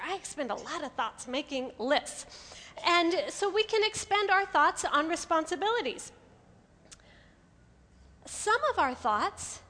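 High bright-voiced woman preaching. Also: long reverb tail. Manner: lively, acts out inner voices with humor. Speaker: women's ministry speaker. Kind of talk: sermon. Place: hall with an audience.

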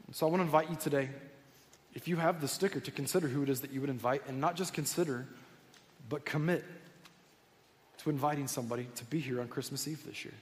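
A man's voice: medium pitch, fast talker, pauses often. A man preaching a sermon to his church congregation, telling stories in an earnest, conversational way. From United States. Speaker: pastor. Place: church sanctuary. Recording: long hall reverb.

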